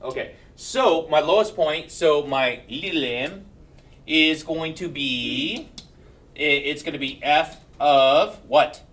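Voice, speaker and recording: A man's voice: a little high, slow, a bit bright, far from the mic. A male math teacher giving a classroom lecture, checking in with his students and joking between steps. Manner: keeps checking in with "right?", joking asides.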